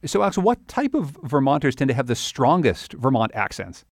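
A male radio host asks curious questions in a mid-pitched voice and laughs easily. His voice is recorded dry and close in a studio. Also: sing-song, normal speed, dry recording. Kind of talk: radio interview.

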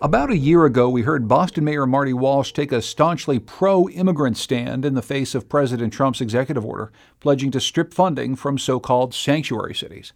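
A man's voice: medium pitch, brisk, gravelly, hardly any pauses. Man presenting a radio news show.

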